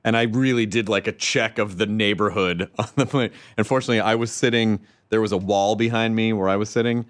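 A man from the American South hosting a casual chat, playful and quick to laugh. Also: on the low side, fairly even intonation, dry recording. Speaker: host.

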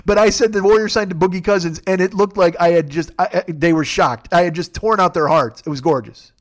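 A man with a high-pitched voice rants about sports on his podcast. He swears constantly and tells his stories with excitable comic energy. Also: brisk. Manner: profane, excitable storytelling. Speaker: podcast host. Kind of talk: comedic sports rant.

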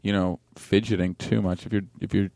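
Low-voiced man in easy podcast chat. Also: little pitch movement, dark tone, no echo. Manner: easygoing, halting with restarts. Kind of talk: casual comedic chat.

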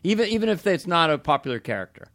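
A middle-aged man, a comedian chatting casually on a podcast, animated and often slipping into voices and laughing. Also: fairly high pitch, quick pace, dry recording. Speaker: comedian guest.

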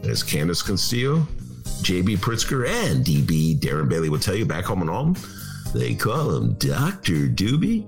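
Wisecracking man, gravelly low voice. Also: wildly swooping pitch, normal speed, faint music behind. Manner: wisecracking, acts out quoted people in mocking voices. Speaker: radio talk show host. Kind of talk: casual radio banter.

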